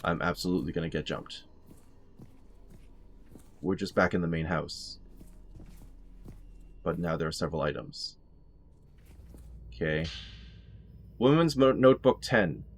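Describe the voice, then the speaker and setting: Lively low-voiced man narrating a game. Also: unhurried, pauses often, a little hiss or hum. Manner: wry, talks back to the enemies. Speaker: gameplay commentator. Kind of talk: let's play commentary. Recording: game music playing behind. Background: game music.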